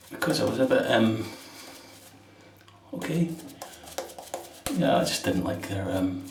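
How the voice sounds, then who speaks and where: A London man from England chats casually while shaving at a bathroom sink, rambling through an anecdote and laughing now and then. His voice is on the low side and creaky, recorded off-mic from a distance in an echoey room with a little hiss or hum. Running tap water and splashing fill the background.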